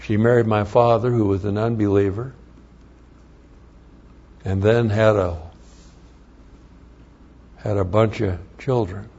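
Gravelly older man telling his story. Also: fairly low pitch, fairly even intonation, mellow. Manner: earnest, plain-spoken, with halting restarts. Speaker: speaker giving a personal testimony. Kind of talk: storytelling testimony. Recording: dull lo-fi recording.

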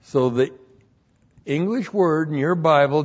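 A man's voice: on the high side, slow, long pauses. A man preaching a sermon with Bible teaching, repeating phrases for emphasis and spelling out words letter by letter. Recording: dull lo-fi recording.

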